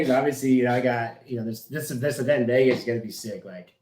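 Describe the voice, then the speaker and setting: A man's voice: medium pitch, quick pace. A man talking casually as a podcast guest, telling brash, profane, boastful stories. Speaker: podcast guest, business owner. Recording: echoey room with noise.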